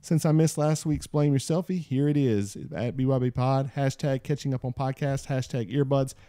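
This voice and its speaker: A man hosting a podcast in casual chat, reading out listener posts and jumping up in pitch when he wants to stress a point. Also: moderate pace, no room sound, clean studio sound. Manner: animated, jumps high in pitch for emphasis. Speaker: podcast host.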